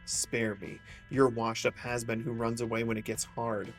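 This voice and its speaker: A man's voice: mid-range voice, monotone, normal speed, lightly acted. A man voicing a smug, ambitious music-mogul rival who gloats and talks down to others in a game. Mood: sneering. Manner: gloating, condescending.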